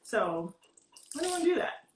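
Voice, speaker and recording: A fairly high-voiced woman walks through a recipe in a relaxed, chatty way. She sits back from her device in a home kitchen, so her voice comes across distant. The room adds a roomy echo. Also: moderate pace, a little hiss or hum. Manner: chatty, explains tips step by step. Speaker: guest cooking demonstrator. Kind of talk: casual cooking demo on a video call. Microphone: video call, stepping back from the device.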